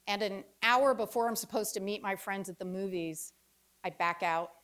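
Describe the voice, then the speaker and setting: A woman in her fifties performing a reflective personal essay with wry storytelling and pauses. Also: medium pitch, fairly bright tone. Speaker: author giving a reading.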